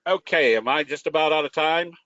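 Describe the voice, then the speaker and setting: A man's voice: a little high, a little fast, pushed and bright, no room sound. A man presenting a trading webinar in a casual, folksy way, telling jokes and restarting his sentences. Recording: dull lo-fi dry audio.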